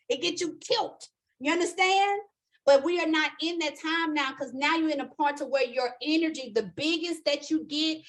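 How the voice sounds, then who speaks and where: High-voiced emphatic woman teaching astrology. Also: fairly bright tone. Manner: emphatic and preachy, with frequent checks of "okay?"; repetitive, building emphasis. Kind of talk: live motivational spiritual class.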